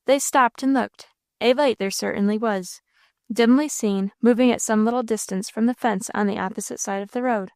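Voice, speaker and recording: Female audiobook narrator, measured storytelling, dry close recording. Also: medium pitch, darkish tone, no room sound.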